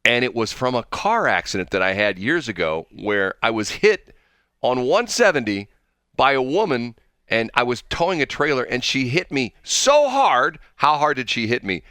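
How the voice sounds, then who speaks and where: A man's voice: medium pitch, big pitch swings, normal speed, sharp tone, no room sound, clean studio sound. A man hosting a morning radio show in casual banter, rambling, drifting off track and laughing often.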